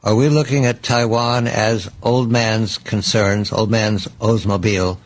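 A man hosting and moderating a panel, briskly handing over questions. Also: fairly low pitch, fairly even intonation. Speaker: host.

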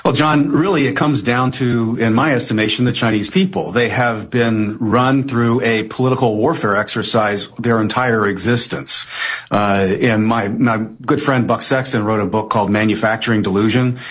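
Male guest analyst, husky voice, measured and analytical delivery. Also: medium pitch, steady tone, a bit bright. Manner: measured, analytical, frequent uh fillers. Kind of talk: interview answers.

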